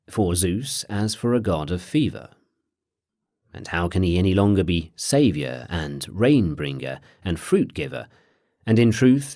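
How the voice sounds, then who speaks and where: A male audiobook narrator reads philosophy in a measured, expressive way. His voice is very deep and moves widely in pitch. The sound is close and dry, with no room echo. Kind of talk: scripted audiobook reading of philosophy.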